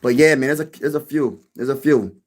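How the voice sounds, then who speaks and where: A man hosting a casual sports live stream, chatting with viewers in an animated way and often repeating himself. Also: mid-range voice, fairly quick. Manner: animated, repeats himself, addresses chat directly.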